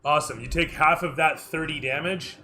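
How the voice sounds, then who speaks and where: Bright-voiced man running a tabletop game. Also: fairly high pitch, steady tone, a little fast, a little hiss or hum. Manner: loose, rambling narration with asides and self-corrections. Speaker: dungeon master. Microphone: streaming microphone.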